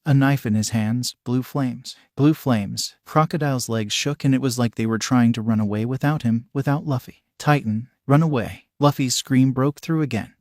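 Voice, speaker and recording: A man's voice: medium pitch, darkish tone, no room sound, studio quality. A man steadily narrating a fanfiction story.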